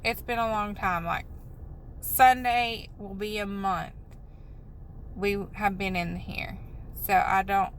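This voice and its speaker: A woman's voice: mid-range voice, a bit bright, slight background noise, rough recording. A woman venting in a rambling, upset, apologetic way in a vlog, recorded on a phone in a parked car. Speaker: vlogger.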